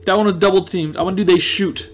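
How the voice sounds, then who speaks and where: A man giving casual let's-play commentary on a video game, reacting excitably with loud outbursts of frustration. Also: sits high, fast talker. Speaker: gameplay commentator.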